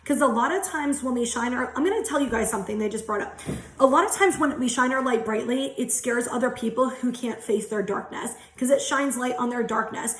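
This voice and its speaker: A woman's voice: a little high, a little fast, roomy sound, slight background noise, poor audio. A young adult woman, a tarot reader, talking frankly and earnestly to her viewers, swearing freely as she goes. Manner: candid, frequent swearing, earnest. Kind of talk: casual spiritual talk to viewers.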